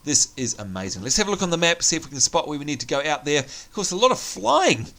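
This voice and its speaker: A man's voice: on the high side, big pitch swings, quick pace, sharp tone. A young man, giving chatty, enthusiastic let's play commentary on what is on screen. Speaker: gameplay commentator.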